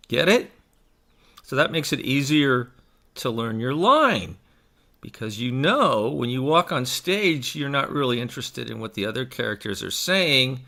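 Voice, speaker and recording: A man's voice: medium pitch, sing-song, measured pace, sharp tone. A man who is a stage actor, chatting in a casual vlog in a rambling, self-mocking way into a desk microphone.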